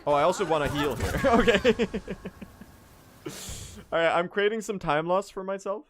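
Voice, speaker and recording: A man's voice: high-pitched, normal speed, noisy background. A young man doing live, joking gameplay commentary as a speedrun streamer. He chats to his viewers and swears casually.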